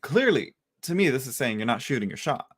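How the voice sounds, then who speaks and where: A man giving casual live tarot readings to viewers from home, chatty and halting, with frequent restarts and filler words. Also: mid-range voice, big pitch swings, slightly rough. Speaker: tarot reader.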